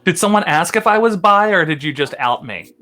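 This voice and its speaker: Man, from Philadelphia, co-host, casual chat, rambling and chatty, laughs a lot, bright ringing voice. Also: sits high, lively intonation, fairly quick, soft background music. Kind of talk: casual chat, explaining a game.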